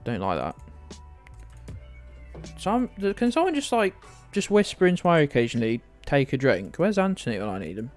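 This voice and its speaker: A man's voice: a little high, huge pitch swings, brisk, pauses often, soft background music. A man streaming a guessing game, rambling and self-deprecating, with plenty of swearing. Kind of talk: live-stream commentary.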